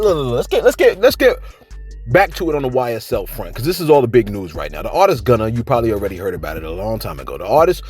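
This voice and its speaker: A man in a casual celebrity-news vlog, loose and full of slang, leaning on fillers and quick laughs. His pitch swings widely, jumping up whenever he voices viewers or quotes. There is faint music behind him. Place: home.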